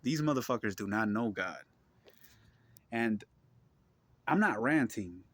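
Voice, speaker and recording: A man's voice: lowish voice, expressive, measured pace, fairly bright tone, breathy edge, no echo. A man talking straight to his audience, blunt, profane and preachy, repeating himself and asking the listener if they agree. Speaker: vlogger. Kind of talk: impassioned religious monologue.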